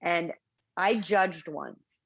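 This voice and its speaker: A woman's voice: on the low side, very slow, no echo, highs cut off. A middle-aged woman, a cannabis advocate, telling stories in an interview and acting out what people said. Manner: animated, acts out quotes in anecdotes. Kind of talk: storytelling interview chat.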